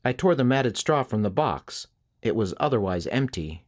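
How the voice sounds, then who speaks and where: A man narrating a first-person western novel as an audiobook, in a steady, measured storytelling manner. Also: mid-range voice.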